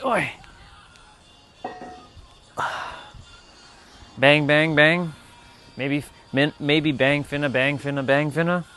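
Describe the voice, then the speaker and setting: A man's voice: a little high, fairly even intonation, slow, pauses often, a bit bright, faint music behind. Playful man chatting on a livestream. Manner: playful, repeats words and laughs at them. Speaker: livestream host. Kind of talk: casual chat on a livestream.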